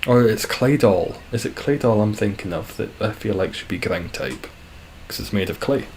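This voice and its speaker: Dry, low-voiced man streaming. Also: normal speed, slight background noise. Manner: dry, self-deprecating, calls his voice monotone. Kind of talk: casual live-stream chat.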